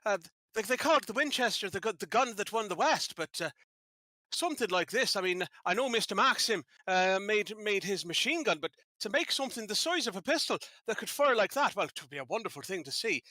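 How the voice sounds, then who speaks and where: A man's voice: high-pitched, animated, brisk, sharp tone, no room sound, clean studio sound. A man voicing a chatty Irish stage magician from Dublin, rambling in a folksy, lilting way. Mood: cheerful.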